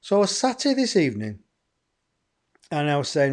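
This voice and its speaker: A man's voice: a little high, wildly swooping pitch, moderate pace. A man hosting a live psychic medium show, rambling and chatty as he talks to his viewers. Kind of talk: live-streamed channeling show.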